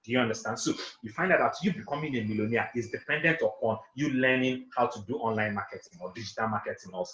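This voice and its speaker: A man running an interactive online class, talking fast and emphatically, repeating points and asking for confirmation. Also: mid-range voice, fairly bright tone, echoey room, muffled recording. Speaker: online trainer and coach. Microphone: video call.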